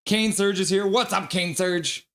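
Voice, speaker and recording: A man streaming live hockey play-by-play, excitable and profane, reading viewer chat aloud between calls. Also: sits high, measured pace. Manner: excitable, swears, reads chat comments aloud.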